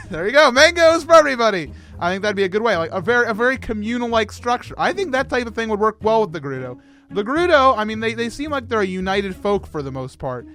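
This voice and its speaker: A man hosting a casual livestream discussion about a game, excitable and rambling, often laughing at himself. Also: sits high. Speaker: host.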